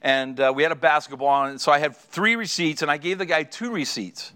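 A middle-aged man preaching a sermon, telling a story in a lively way and acting out the people in it. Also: a little high, a little fast, smooth. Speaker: pastor.

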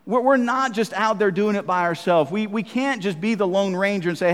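A man preaching a sermon in a conversational, emphatic way, swinging between loud and soft. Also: sits high, expressive, brisk, hardly any pauses, in a large hall.

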